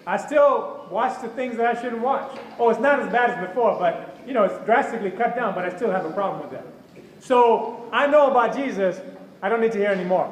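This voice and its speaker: In an echoey hall with faint ambience and slight background noise, a high-voiced man delivers a passionate sermon. He acts out prayers and voices of others as he goes.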